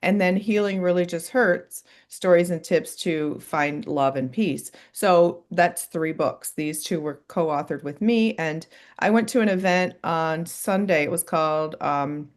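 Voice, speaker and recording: A woman's voice: on the low side, measured pace. A woman hosting a podcast, encouraging her guest and chatting casually about books. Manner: encouraging, affirming listener. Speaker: podcast host. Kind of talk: casual chat.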